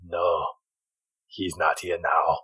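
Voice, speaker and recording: A man voicing an intimidating older male trainer in a put-on Jamaican accent, low and leaning in close. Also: flat delivery, slow pace, pushed and bright, slightly rough, no echo, full character voice, poor audio. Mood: menacing.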